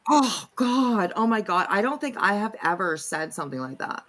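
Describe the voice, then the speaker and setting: Woman host in a casual reaction chat, rambly delivery with fillers, everyday mid pitch. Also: very animated, moderate pace, fairly bright tone. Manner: rambling, heavy with "like" and "um". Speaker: commentary host.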